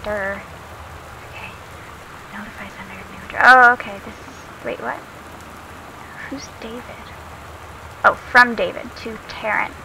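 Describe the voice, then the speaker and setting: A woman's voice: on the high side, fairly even intonation, measured pace, vocal fry, long pauses, background noise. A young adult woman casually commenting as she plays a game, chatty and giggly, reading notes aloud as she finds them. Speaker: let's play host.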